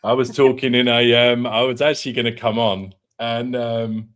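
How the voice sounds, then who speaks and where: A man's voice: medium pitch, flat delivery, normal speed, fairly bright tone. A man as guest co-host on a live football stream, joking and swearing in casual banter. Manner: laughing, sweary, jokey.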